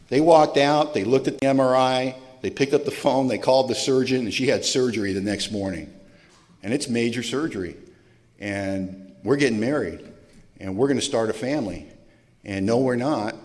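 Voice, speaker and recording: A middle-aged man giving a candid, earnest personal testimony to a recovery meeting audience, talking in a conversational storytelling way. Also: mid-range voice. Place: large hall with long reverb. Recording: live hall recording with long reverb.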